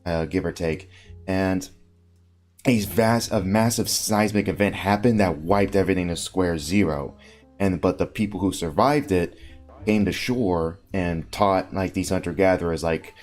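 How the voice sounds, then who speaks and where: Deep-voiced guy hosting a podcast, rambly, lots of likes and ums, faint music behind. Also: unhurried, darkish tone. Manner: rambling, many fillers and restarts. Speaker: podcast host. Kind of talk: casual podcast chat.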